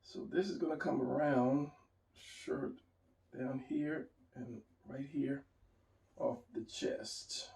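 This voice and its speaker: Gravelly man teaching drawing, roomy sound. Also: mid-range voice, slow, darkish tone. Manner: rambling, restarts while drawing. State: hiccuping. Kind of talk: casual drawing lesson, thinking aloud. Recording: roomy, mic at a distance.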